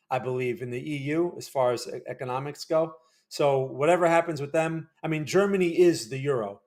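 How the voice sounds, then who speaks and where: A man hosting a casual livestream, analyzing market charts and answering chat, rambling and correcting himself as he thinks aloud. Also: fairly high pitch.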